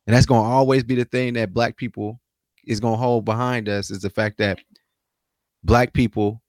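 A man's voice: medium pitch, steady tone, moderate pace, a little mellow, no echo. A man co-hosting a casual sports talk podcast, speaking loosely in slang with frequent restarts. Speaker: podcast co-host.

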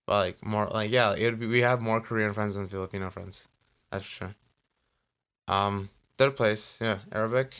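Podcast co-host, man, low gravelly voice, loose rambling chat. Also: fairly even intonation, moderate pace, fairly bright tone. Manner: rambling, lots of "like" and "you know". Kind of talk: casual chat. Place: Los Angeles.

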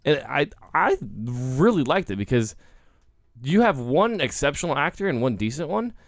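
A man's voice: a little high, normal speed, dry recording, clean studio sound. A man co-hosting a movie podcast, chatting casually and jokingly with lots of fillers. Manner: animated, jokey, lots of fillers. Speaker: podcast co-host. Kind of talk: casual movie review chat.

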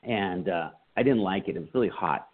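A man's voice: deep voice, fairly quick. A man doing a laid-back guy coder on a tinny line. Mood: casual. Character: easygoing heavyset male coder, casual. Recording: phone-like line.

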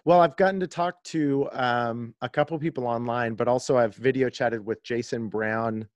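Animated man telling stories. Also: mid-range voice, moderate pace, no room sound. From Kansas, USA. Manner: animated storyteller, laughs often. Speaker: guest, disc golf video creator. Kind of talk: casual podcast chat, storytelling.

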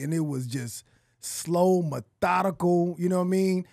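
A man hosting a casual podcast who laughs often and talks fast when he gets excited. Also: high-pitched, vocal fry, no room sound, clean studio sound. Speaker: podcast host.

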